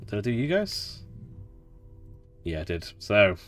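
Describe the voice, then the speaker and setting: A man with a low voice hosts a laid-back game playthrough. He talks in a chatty, rambling way and laughs often, while quiet game music plays faintly in the background. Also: big pitch swings, a little slow, long pauses. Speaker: let's play host. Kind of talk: relaxed gameplay commentary.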